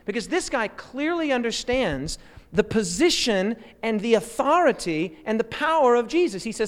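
Animated high-voiced preacher in a hall. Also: male voice, normal speed. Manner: animated, asks the congregation questions. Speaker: pastor. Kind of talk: sermon. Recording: long hall reverb.

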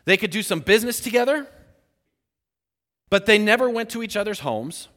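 Animated high-voiced male preacher. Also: moderate pace, long reverb tail. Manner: animated, acts out the voices in the scripture story. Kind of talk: sermon.

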